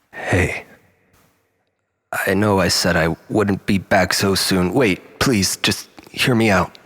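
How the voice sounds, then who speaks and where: A man's voice: low-pitched, steady tone, a little slow, fairly bright tone. A man delivering a dramatic first-person monologue in a brooding, weary, confessional way.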